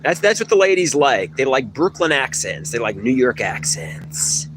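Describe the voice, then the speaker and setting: A man's voice: medium pitch, big pitch swings, moderate pace, a bit bright, slight background noise. A man chatting in a rambling way on a phone livestream from an outdoor swimming pool, putting on a mock New York accent. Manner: rambling, hums and sings snippets. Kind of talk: casual livestream chat answering comments. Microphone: phone camera.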